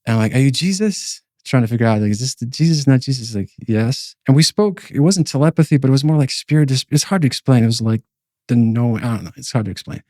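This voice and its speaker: A man shares a long personal testimony on a podcast, circling back through fillers and restarts as he tells it. His voice is warm and mellow with a middle pitch. The sound is dry and close, with no room echo. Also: lively intonation, fast. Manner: rambling, many fillers and restarts. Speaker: podcast co-host.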